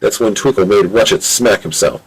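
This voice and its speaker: Husky low-voiced male storyteller. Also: normal speed, poor audio. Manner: plain, repetitive "that's when" narration. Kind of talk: amateur audiobook reading. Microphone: home microphone.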